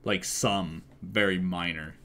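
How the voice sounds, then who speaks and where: A young man streaming a game live and chatting casually, excitable and swearing freely as he thinks aloud. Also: low voice, takes it slowly, a little hiss or hum.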